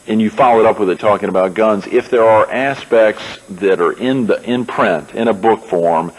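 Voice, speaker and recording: A man hosts the interview in a fairly low, husky voice, asking questions and backing his guest up with short encouraging replies. His delivery stays easy and conversational. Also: normal speed, rough recording. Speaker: interviewer, radio host. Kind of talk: casual interview.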